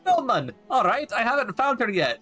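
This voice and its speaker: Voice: mid-range voice, very animated, normal speed, sharp tone, faint music behind, voice pushed up. A streamer voicing a cheeky male fairy sidekick with a Welsh accent, slangy and brash, reading game dialogue aloud. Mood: defensive. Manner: brash, slangy, says "mun" a lot.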